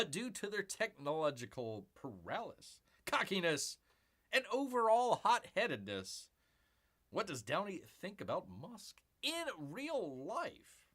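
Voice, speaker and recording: Lively, bright-voiced man hosting a stream. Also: a little high. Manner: rambling, many fillers, sarcastic asides. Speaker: host. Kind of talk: casual pop-culture news commentary on a livestream.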